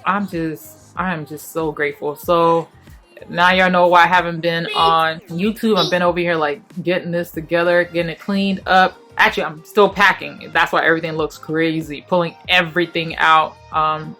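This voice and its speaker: Lowish voiced woman talking faith at home, earnest, rushes then gets quiet. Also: flat delivery, soft background music. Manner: earnest, emotional, talks fast in bursts and then goes quiet. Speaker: faith vlogger. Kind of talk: personal testimony vlog. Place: home apartment while packing.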